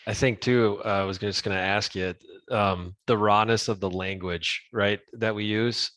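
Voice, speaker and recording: A man co-hosting an interview, asking questions in a halting, searching way. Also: fairly low pitch, steady tone, fairly bright tone, no echo. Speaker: co-host. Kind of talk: conversational interview.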